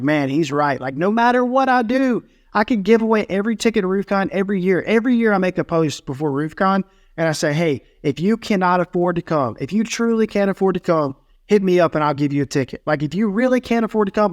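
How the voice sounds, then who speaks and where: A man's voice: on the high side, no room sound, studio quality. A man appearing as a podcast guest, speaking earnestly in a laid-back way and using "like" and "dude" a lot. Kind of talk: casual podcast conversation.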